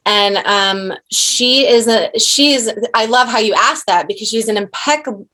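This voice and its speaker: A woman's voice: on the high side, normal speed, bright, forceful tone. A woman in her thirties, an actor and director, chatting as an interview guest, effusive and full of restarts and asides. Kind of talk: casual interview chat.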